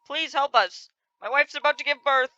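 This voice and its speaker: A woman's voice: sits high, normal speed, pushed and bright, lo-fi sound. A woman voicing a worried expectant father in a hospital game scene, pleading anxiously for help.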